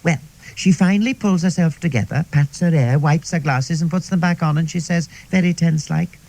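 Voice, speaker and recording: Rambling and confiding, the character is a chatty middle-aged Welsh woman in a radio comedy monologue, played by a man who keeps slipping in "like" and "see". He talks fairly quickly in a gravelly, darkish voice on the high side, captured on a low-quality recording.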